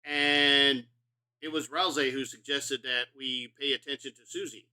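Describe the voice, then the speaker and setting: A man's voice: medium pitch, steady tone, unhurried, bright, forceful tone, clean tone. A middle-aged man streaming a video game, rambling and profane in casual commentary, self-mocking as he talks.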